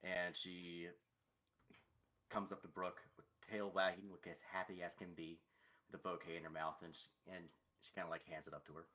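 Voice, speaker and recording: A man's voice: sits low, little pitch movement, moderate pace, bright, forceful tone. A man playing a tabletop game, narrating his character's actions with some hesitant restarts. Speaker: player. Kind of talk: tabletop role-play narration.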